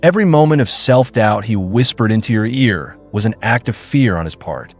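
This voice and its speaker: A man delivering a scripted devotional sermon in a slow, solemn, declarative cadence. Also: on the low side, expressive. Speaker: preacher. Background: soft music.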